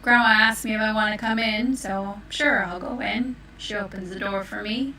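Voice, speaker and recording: Brief: a woman storyteller, playful, bright voice, slow delivery, distant mic in an echoey room. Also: mid-range voice, fairly even intonation, slight background noise. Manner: playful, unhurried.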